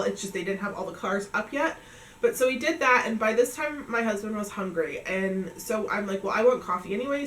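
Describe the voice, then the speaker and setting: A woman's voice: mid-range voice, a bit bright, echoey room, far from the mic, slight background noise, low-quality recording. A woman in her thirties from New England, telling a long trip story in a chatty way, full of "like" and acted-out dialogue. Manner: chatty, filler-heavy retelling with quoted dialogue. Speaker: family vlogger. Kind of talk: casual storytelling recap.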